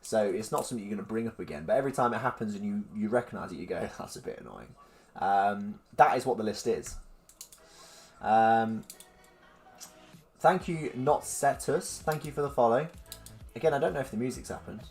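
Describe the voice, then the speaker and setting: A man's voice: fairly low pitch, brisk, a little mellow, faint music behind. A man hosting a livestream, chatting casually with lots of ums and reading out viewer comments. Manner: rambling, lots of ums, mock-incredulous asides. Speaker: livestream host.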